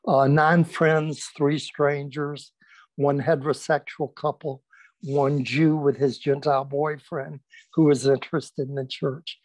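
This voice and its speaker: Older man telling stories with animated voices. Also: on the high side, unhurried, no echo. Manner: animated anecdotal storyteller, acts out quoted voices, with fillers and restarts. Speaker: pastor recounting his history. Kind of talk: storytelling in a recorded conversation.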